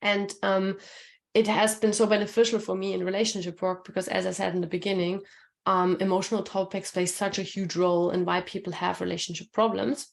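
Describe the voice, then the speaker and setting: Chatty woman with a gravelly voice. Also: mid-range voice, flat delivery, a little fast. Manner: casual and chatty, many fillers, reads chat comments aloud. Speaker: relationship coach hosting a webinar. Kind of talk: live webinar talk.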